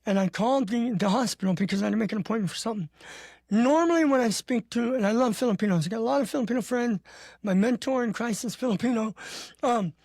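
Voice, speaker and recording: A man with an unusual, high-sounding, slightly muffled speaking voice, telling stories in an animated way as a podcast guest. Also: fast, creaky, husky, no echo, studio quality. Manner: animated, acting out dialogue. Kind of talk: casual storytelling. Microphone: podcast studio mic.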